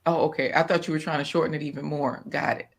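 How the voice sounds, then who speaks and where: A woman's voice: low voice, steady tone, quick pace, gravelly. Chatty woman hosting a garden live chat. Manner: chatty and informal, laughs often. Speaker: co-host of a homestead live chat. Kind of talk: casual live-stream chat. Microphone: off-camera, voice only.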